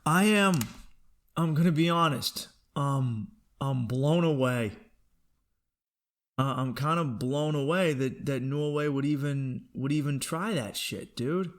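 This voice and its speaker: A man's voice: fairly high pitch, takes it slowly. A man hosting a comedy podcast, riffing through a profane monologue and laughing at his own jokes.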